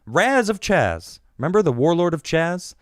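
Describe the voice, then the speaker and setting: A male podcast host rants through a political commentary monologue with a sarcastic, mocking edge. His fairly high voice swings widely in pitch. The sound is close and dry. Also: big pitch swings, moderate pace, no echo.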